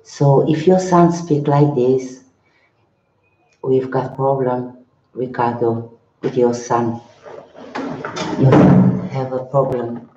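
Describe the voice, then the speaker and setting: An older man, a monk, answering viewers in a live-stream chat in broken English, halting and repeating his words. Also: medium pitch, dark tone, slight background noise. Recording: roomy, slightly dull sound.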